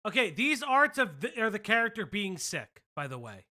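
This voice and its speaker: A man's voice: high voice, sing-song, normal speed, bright, forceful tone. A man hosting a live commentary stream, talking bluntly and offhandedly with plenty of swearing. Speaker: streamer host.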